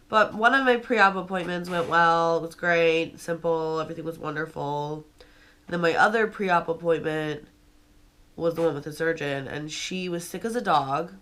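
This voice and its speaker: A woman's voice: fairly low pitch, fairly bright tone. A young woman vlogging to camera, telling a story with many fillers and restarts while venting that she is upset.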